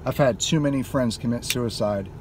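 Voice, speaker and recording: A man's voice: medium pitch, moderate pace, slight background noise. A man vlogging from inside a car, delivering an emphatic, heated rant and swearing freely. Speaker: gaming YouTuber. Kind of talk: impassioned car vlog rant.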